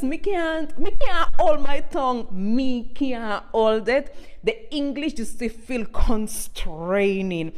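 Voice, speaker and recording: A woman in her forties from Cuba, speaking Jamaican patois with a rolling Cuban accent, talking to camera in an expressive, animated rant. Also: mid-range voice. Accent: Cuban Spanish mixed with Jamaican patois. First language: Spanish. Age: 40s. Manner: expressive, swings between loud and quiet. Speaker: TikTok creator.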